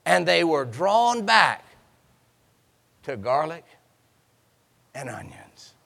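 Male preacher, high bright gravelly voice, dramatic storytelling sermon, long church reverb. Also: very animated, slow pace. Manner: dramatic storytelling, acting out voices, call and response.

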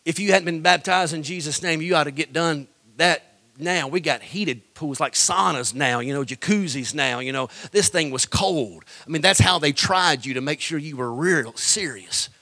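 A middle-aged man preaching a Pentecostal sermon, telling his own testimony and swinging from quiet storytelling to shouted pleading and whispers. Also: a little high, normal speed.

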